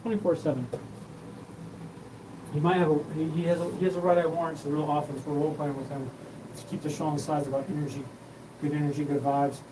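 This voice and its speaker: A man's voice: fairly high pitch, flat delivery, fast, pauses often, noisy background. A man hosting his own show, talking in a rambling, profane monologue that jumps from topic to topic. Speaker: show host.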